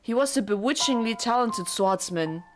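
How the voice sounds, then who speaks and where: A woman voicing a chillingly gentle young maid, speaking softly and formally as she reads a visual novel aloud. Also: on the high side, expressive, normal speed, slight background noise, natural voice. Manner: soft, formal and courteous.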